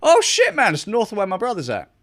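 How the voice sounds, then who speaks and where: A man's voice: sits high, huge pitch swings, quick pace, a bit bright. A young man chatting casually with his stream viewers, rambling, swearing a lot and laughing often. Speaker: gaming streamer.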